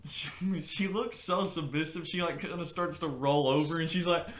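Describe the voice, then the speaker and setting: A man co-hosting a podcast, chatting casually and telling stories with lively acted-out quotes and shouts. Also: on the high side, moderate pace, echoey room, a little hiss or hum. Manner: animated storytelling, acts out shouts and quotes. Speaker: podcast co-host. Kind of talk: casual chat.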